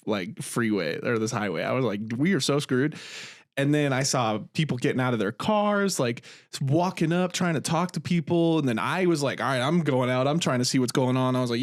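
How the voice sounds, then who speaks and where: A man's voice: mid-range voice, no echo, studio quality. A young man co-hosting a podcast, telling a story in casual chat, swearing freely and acting out the quotes on a podcast mic. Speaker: podcast co-host.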